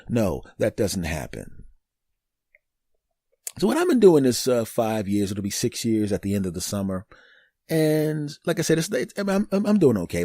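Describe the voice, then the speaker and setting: Man, 50, solo comedy podcaster, warm low tone, dry close mic, acts out little scenes. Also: no echo. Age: 50s. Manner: animated, acts out mock dialogue in bursts; laughs at his own jokes.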